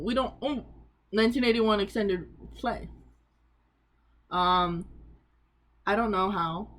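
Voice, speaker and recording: Young adult woman vlogger, mid-pitched, chatty and self-mocking, laughs a lot. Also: a little hiss or hum. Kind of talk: casual chat showing off a collection.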